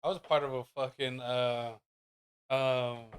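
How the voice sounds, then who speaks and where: Man, mid pitch, smooth clear voice, laid-back, swears freely, casual podcast talk. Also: level tone, takes it slowly. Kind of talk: casual conversation.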